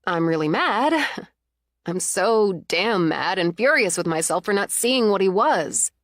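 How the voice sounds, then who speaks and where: A woman's voice: mid-range voice, lively intonation, unhurried, a bit bright, no echo. A jilted young woman, read by a woman narrator, more angry than heartbroken. She talks bluntly, with a dry wryness and a resolute edge. The audiobook recording is dry and close. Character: hurt but angry young woman, wry.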